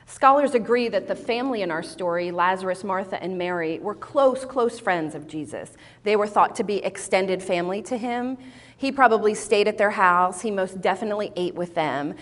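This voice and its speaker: A woman giving a sermon-style talk to a women's group, telling stories in an animated, expressive way. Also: medium pitch. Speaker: speaker at a women's Bible study. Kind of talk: sermon-style teaching with storytelling. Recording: long hall reverb.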